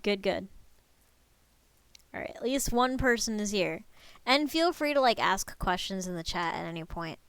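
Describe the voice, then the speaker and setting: A woman's voice: medium pitch, animated, moderate pace, pauses often, a bit bright, clean tone, dry recording. A woman in her twenties giving a casual live-stream lecture, chatting with viewers and swearing freely.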